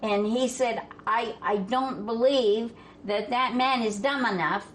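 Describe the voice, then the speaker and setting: A woman's voice: fairly high pitch, slow. Older woman telling folksy family tales. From Vermont. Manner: folksy, laughing through the telling, drops voice for quoted men. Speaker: storyteller guest. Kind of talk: family storytelling. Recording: faint background noise.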